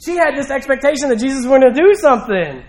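A man's voice: very high voice, lively intonation, fast, darkish tone, poor audio. A male pastor preaching a sermon in a church, talking conversationally with rhetorical questions and emphatic repetition.

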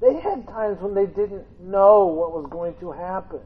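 Man, high voice, casual joking sermon, thin phone-like recording. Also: a little slow, a little hiss or hum. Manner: humorous storytelling, acting out voices from the reading. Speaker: preacher. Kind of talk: conversational sermon. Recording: tinny phone-like sound.

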